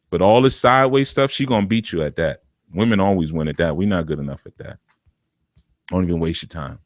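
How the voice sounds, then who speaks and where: A man's voice: low voice, fairly quick, fairly bright tone, dry recording, studio quality. A man hosting a live call-in spiritual advice show, talking in a streetwise, preachy, colloquial way. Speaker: radio show host and spiritual teacher.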